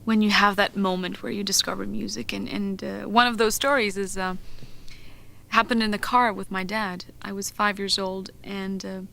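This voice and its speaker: Woman singer telling a lively anecdote. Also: medium pitch, normal speed, vocal fry, a little hiss or hum. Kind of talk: interview storytelling.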